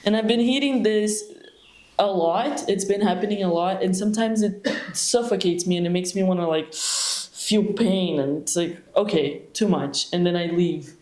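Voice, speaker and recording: A woman's voice: medium pitch, moderate pace, a little mellow. A young woman at a retreat asking a question into a handheld microphone, hesitant and searching for words with many fillers and restarts. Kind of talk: question at a monastery Q&A. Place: meditation hall at a retreat. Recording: echoey hall.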